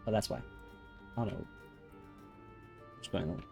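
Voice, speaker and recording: A soft-spoken man chats while he plays a game from his room at home, relaxed and a little self-deprecating. His voice is mellow and dark, with quiet game music behind him. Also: sits low, measured pace, creaky. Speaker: game streamer. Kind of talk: casual chat while gaming. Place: home room with rain on the ceiling.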